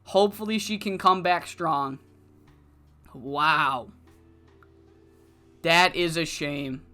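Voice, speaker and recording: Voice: mid-range voice, slow, sharp tone, soft background music. A narrator casually recapping the results of a wrestling management game, with the odd curse word. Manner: casual, recapping, mildly profane. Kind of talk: let's play commentary of a wrestling management sim.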